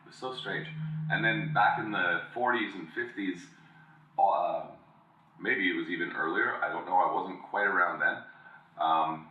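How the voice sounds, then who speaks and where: A man's voice: sits low, unhurried, recorded from a distance. A man co-hosting a casual podcast, telling rambling stories and dropping into brief voice impressions. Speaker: podcast co-host. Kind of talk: casual chat. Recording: dull lo-fi sound in an echoey room, off mic.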